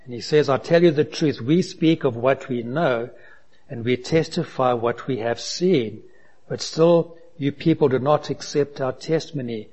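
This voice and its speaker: A man's voice: medium pitch, a little slow, darkish tone, slightly rough. A man preaching a sermon, asking the congregation rhetorical questions and reading aloud from scripture. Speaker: pastor.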